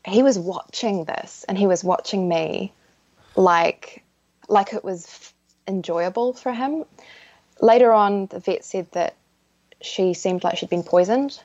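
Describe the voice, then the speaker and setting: A woman guest telling a personal story in an earnest, halting way, often restarting her sentences, recorded over dull lo-fi remote audio. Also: mid-range voice, darkish tone, no echo. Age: adult. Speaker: podcast guest.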